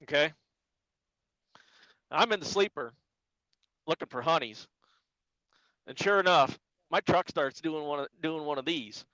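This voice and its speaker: A man who drives a flatbed truck, chatting casually as a guest on a live stream and telling animated stories about life on the road. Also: a little high, a little slow, long pauses, dry recording, lo-fi sound. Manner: animated storyteller, quotes people in voices.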